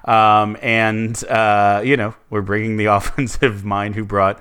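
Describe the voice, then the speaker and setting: A man's voice: lowish voice, flat delivery, a little slow, a bit bright, clear, resonant tone. A man co-hosting a casual sports podcast, rambling with many restarts and fillers. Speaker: co-host.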